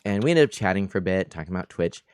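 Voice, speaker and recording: A man's voice: deep voice, racing, clear, resonant tone, no room sound. Tired, laughing man on a game stream. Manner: rambling, animated storyteller who laughs often. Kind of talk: casual gaming-stream chat.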